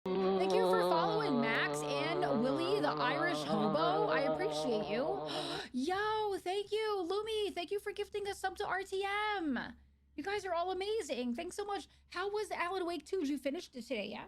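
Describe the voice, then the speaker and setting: A woman's voice: very high-pitched, animated, normal speed, faint music behind. A woman streaming a game live, chatting to viewers and shrieking and swearing when things go wrong. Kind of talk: live gameplay commentary.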